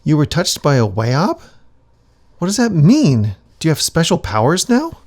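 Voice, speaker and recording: A man's voice: a little high, huge pitch swings, unhurried, a little mellow, pitched above the performer's own voice, full character voice. A man doing an eager young acolyte.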